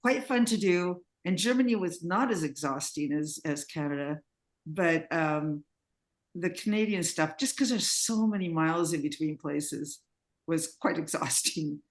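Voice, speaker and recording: A woman's voice: low voice, measured pace. A woman interviewee telling rambling stories in casual chat, laughing often, over a video call. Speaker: interviewee, singer and composer.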